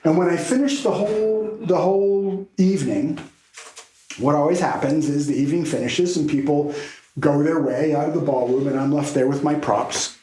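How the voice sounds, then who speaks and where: A man, a podcast guest and keynote speaker, telling a story in a lively way and laughing now and then. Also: a little high, reverberant, low-quality recording.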